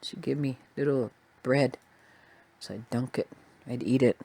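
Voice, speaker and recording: A woman telling a personal story in a soft, quiet, unhurried way. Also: very deep voice, breathy edge.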